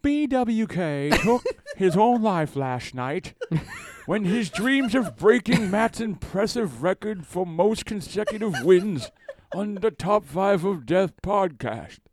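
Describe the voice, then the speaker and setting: A man voicing an elderly, pompous TV news anchor in a comedic improv news parody, with a slow, drawn-out newscaster cadence. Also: high voice, expressive, darkish tone, a little hiss or hum, voice pushed up. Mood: mock solemn.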